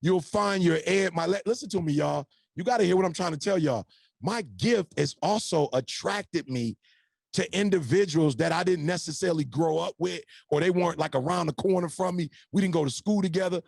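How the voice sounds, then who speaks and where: A man's voice: high-pitched, fairly quick, gravelly, darkish tone, dry recording. A man and podcast guest telling his life story in a punchy, preacher-like motivational style, speaking to the audience as y'all.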